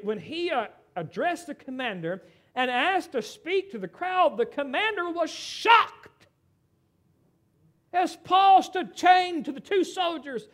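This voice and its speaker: A middle-aged American pastor with a very high-pitched voice preaches a sermon. He's animated and conversational, tossing asides to the congregation.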